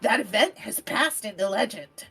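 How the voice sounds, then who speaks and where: A woman's voice: medium pitch, animated, moderate pace, a bit bright, breathy edge, soft background music, heavily acted. A woman voicing a pompous male otaku fan-comic artist while playing through a game. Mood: boastful. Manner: boastful, self-important. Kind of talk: let's play voice acting.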